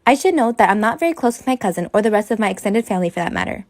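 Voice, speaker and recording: A woman reading online stories aloud in a brisk, even way. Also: mid-range voice, no echo, studio quality.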